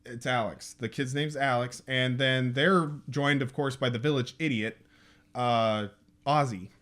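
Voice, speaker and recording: A man's voice: medium pitch, fairly even intonation, unhurried, a bit bright. A man co-hosting a casual movie recap podcast, rambling and narrating the plot with asides. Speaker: podcast co-host.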